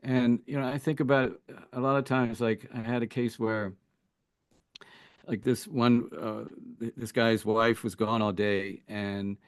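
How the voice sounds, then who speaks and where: A man's voice: mid-range voice, little pitch movement, a little slow, clear, resonant tone, no room sound, clean studio sound. A man speaking as a relationship coach guest in an interview, thinking aloud with many "you know"s and restarts. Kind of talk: casual interview talk.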